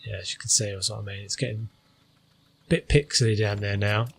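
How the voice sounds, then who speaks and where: A man's voice: lowish voice, level tone, fairly quick, creaky, a little hiss or hum. A man hosting a gaming channel, talking through his gameplay in a casual, hesitant way with many fillers.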